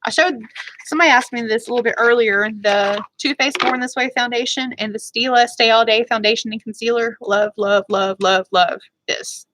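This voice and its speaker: A woman beauty vlogger chatting casually on a livestream, answering viewers in a rambling, fired-up way and talking fast. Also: fairly high pitch, a bit bright, poor audio.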